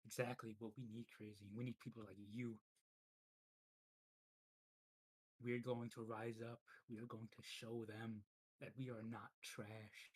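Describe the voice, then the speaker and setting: A man's voice: mid-range voice, flat delivery, normal speed, slightly rough, natural voice, poor audio. A man voicing a bitter, fervent male kobold agitator who talks in an urgent, preachy way, for a tabletop game. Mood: rallying. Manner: preachy, urgent, repeats himself.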